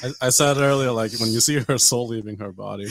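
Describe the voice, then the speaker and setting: A man's voice: medium pitch, quick pace, fairly bright tone, no echo. A man chatting casually with friends, laughing between short remarks. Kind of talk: casual group chat.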